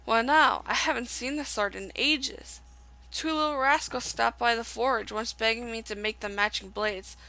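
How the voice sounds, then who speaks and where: A woman's voice: on the high side, normal speed, sharp tone, rough recording. A woman reading as an older male blacksmith. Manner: reading game dialogue aloud.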